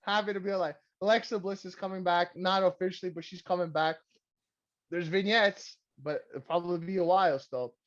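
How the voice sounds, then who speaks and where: A man's voice: high voice, fairly even intonation, fairly quick. A man co-hosting a casual podcast, rambling and sarcastic, cursing freely. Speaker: podcast co-host. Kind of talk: casual wrestling recap chat. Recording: dull lo-fi sound.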